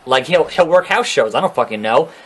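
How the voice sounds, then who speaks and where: A man with a somewhat high voice gives a casual solo recap of a wrestling show. He rants and swears freely, with a sarcastic edge throughout. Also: animated, fairly quick, a bit bright, slightly rough. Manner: ranting, profane, sarcastic.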